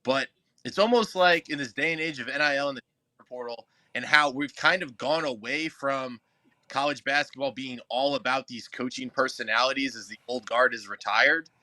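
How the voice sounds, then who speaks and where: A man's voice: mid-range voice, moderate pace, sharp tone, dry recording. A man hosting a casual sports talk show, rambling and thinking aloud with plenty of fillers. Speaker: sports radio host.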